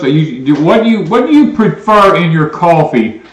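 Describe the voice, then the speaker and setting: A man's voice: fairly high pitch, lively intonation, normal speed, reverberant, low-quality recording. A man with a Southern US accent co-hosting a homestead live stream, rambling casually and reading viewer comments aloud. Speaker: homestead channel co-host.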